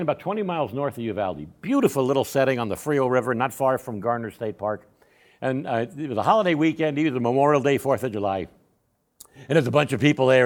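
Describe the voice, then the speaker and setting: Older man, folksy church storyteller, lively pitch, lots of restarts. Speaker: Sunday school speaker. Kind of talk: storytelling testimony in a church class.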